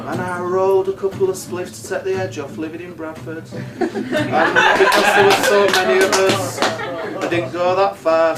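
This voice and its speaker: High-voiced comedian, crude storyteller. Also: male voice, distant mic. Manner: crude, swearing, laughing at his own jokes. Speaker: comedian and musician. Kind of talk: stand-up comedy storytelling with song.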